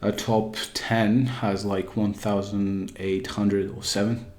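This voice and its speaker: A man with a somewhat low voice talks casually over gameplay footage in a put-on British accent. He rambles and hesitates, restarting his sentences as he works through his point. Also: little pitch movement, takes it slowly, a little mellow. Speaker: gaming YouTuber.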